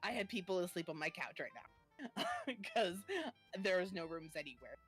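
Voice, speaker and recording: A young woman in her twenties with a lowish voice, telling a story casually and stopping often on "um." Faint music plays underneath her. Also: expressive, moderate pace. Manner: chatty, lots of fillers. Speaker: streamer guest.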